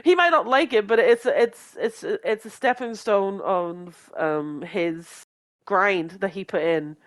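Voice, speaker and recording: Slow and medium-pitched, this woman co-hosts a podcast, chatting casually as a fan. She rambles, laughs frequently, and fills her speech with fillers and restarts.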